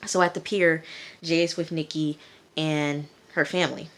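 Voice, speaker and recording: A woman's voice: low voice, fairly even intonation, moderate pace, a bit bright. A woman casually recapping a TV episode, chatty with many fillers, talking straight to her viewers. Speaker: TV episode reviewer.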